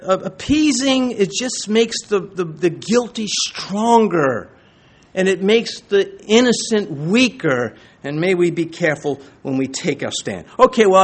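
Lively high-voiced male pastor preaching. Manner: animated preaching, acting out quoted voices. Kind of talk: sermon.

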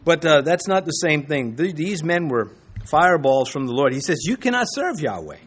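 A man's voice: fairly high pitch, big pitch swings, normal speed, breathy edge. Folksy man teaching the Bible. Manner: conversational, folksy asides, frequent restarts. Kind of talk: sermon-style Bible teaching.

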